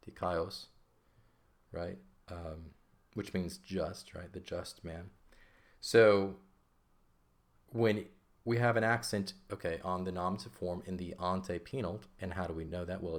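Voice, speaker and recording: A man teaching from a textbook in a patient, step-by-step way, often pausing to check in with "okay?" and "right?". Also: low-pitched. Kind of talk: classroom explanation of a textbook.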